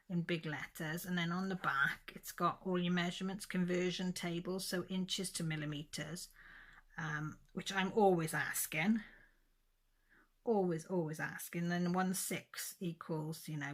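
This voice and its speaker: A woman vlogger chatting casually and rambling, often losing her thread. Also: fairly low pitch. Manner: rambling, loses track of days. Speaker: craft vlogger. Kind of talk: casual chat.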